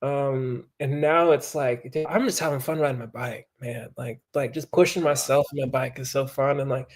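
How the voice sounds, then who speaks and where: A man's voice: mid-range voice, moderate pace. A man, a pro mountain biker, telling a story in casual chat with swearing and acted-out quotes. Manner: animated, swears, acts out quoted voices.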